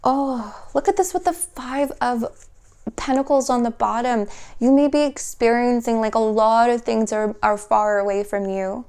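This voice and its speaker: Soft-spoken woman giving a tarot reading. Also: on the high side, clear, resonant tone. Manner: soft, slow and dreamy, trailing off and restarting; emotional, at times laughing through tears. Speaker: tarot reader.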